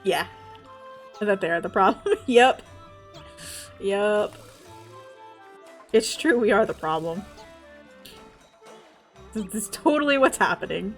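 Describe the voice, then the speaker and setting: A young Southern United States woman streams games and chats casually, laughing often and swearing freely. Her medium-pitched voice has lively intonation, a slow pace and frequent pauses, with soft music playing in the background.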